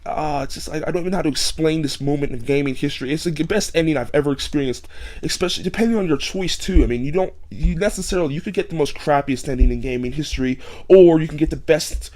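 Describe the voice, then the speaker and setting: A man giving a casual, rambling game review, full of restarts and fillers and getting emphatic at times. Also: a little high. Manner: emphatic, gets loud when excited.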